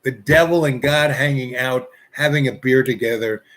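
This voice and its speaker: A man's voice: mid-range voice, moderate pace, fairly bright tone. A man telling a casual anecdote, rambling and filling his sentences with "you know" and restarts. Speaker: storyteller.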